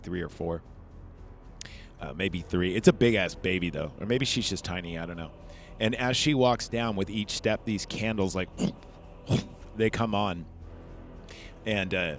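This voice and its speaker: A man's voice: lowish voice, slight background noise. A man hosting a podcast, recapping a movie in a rambling, chatty way and swearing freely. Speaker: podcast host. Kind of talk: casual film review.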